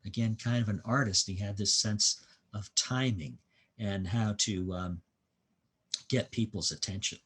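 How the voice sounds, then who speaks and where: A man giving a museum history lecture as a guest historian and author. He tells the story at an unhurried pace and fills his pauses with frequent "uh"s. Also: fairly low pitch, a bit bright, husky.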